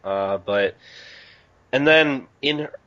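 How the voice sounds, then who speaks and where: A man's voice: mid-range voice, expressive, takes it slowly, a bit bright. A man co-hosting a podcast, recapping a manga in a laid-back way with many "uh" fillers. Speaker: podcast co-host. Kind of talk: casual chat recapping a manga. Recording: dull lo-fi podcast recording.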